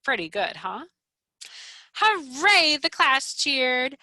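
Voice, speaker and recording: A woman librarian reading a picture book aloud to children in an animated way, with gasps and questions. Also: mid-range voice, a little slow, dry recording. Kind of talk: children's storytime read-aloud.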